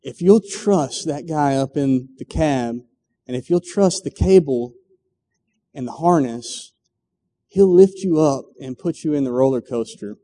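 A man's voice: mid-range voice, measured pace, dark tone, lightly acted. A preacher playing a coaxing, reassuring man. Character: kind advising man. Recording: long hall reverb.

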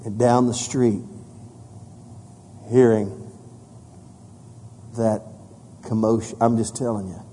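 Man, pastor, sermon, mellow tone, long reverb, loud scripture reading, quiet solemn asides. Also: fairly even intonation, takes it slowly, long pauses, slight background noise. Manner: preaches with rising emphasis, drops soft and low for solemn points. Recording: hall reverb.

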